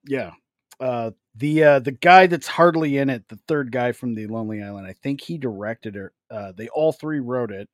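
Dude on a podcast mic, medium voice, super dry sound, crude laid-back jokes. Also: male voice, medium pitch, normal speed, no echo. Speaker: podcast co-host. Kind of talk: casual podcast chat.

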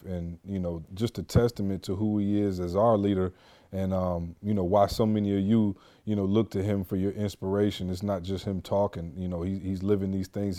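A man's voice: sits low, dark tone. A man co-hosting a podcast, speaking reflectively in casual chat. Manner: reflective, with many fillers and restarts. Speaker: podcast co-host.

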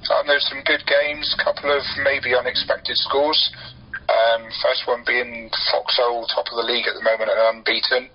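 A man calling in a local football round-up to a radio show. His voice is husky and comes through a dull, phone-like line. He talks unhurriedly, with plenty of ums as he goes through the results. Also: medium pitch, level tone, faint music behind. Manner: unhurried, hesitant, frequent ums. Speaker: local football reporter and player. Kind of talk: casual radio sports report.

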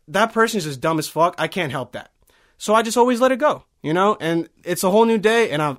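A man's voice: high voice, fairly bright tone. A man in his early twenties, from Bosnia, telling a heated, profane story in casual chat. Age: early 20s.

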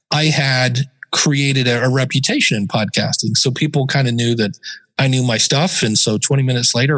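A middle-aged man tells his story as a guest in a casual interview, with an ordinary mid-range voice. He talks chattily and slips into lively put-on voices when quoting other people. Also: medium pitch. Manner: chatty, acts out quoted people in animated voices. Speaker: podcast guest.

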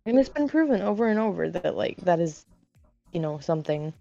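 A woman's voice: fairly low pitch, big pitch swings, fairly quick, vocal fry, warm tone, highs cut off, faint music behind. A woman co-hosting a casual podcast, rambling with lots of fillers and restarts. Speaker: podcast co-host.

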